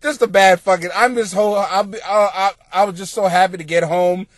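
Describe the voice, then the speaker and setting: A man's voice: high-pitched, steady tone, fairly quick, no echo, clean studio sound. A man hosting a comedy podcast, telling a rambling, profane story and laughing at himself. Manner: profane, laughs through his own story. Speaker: podcast host and comic.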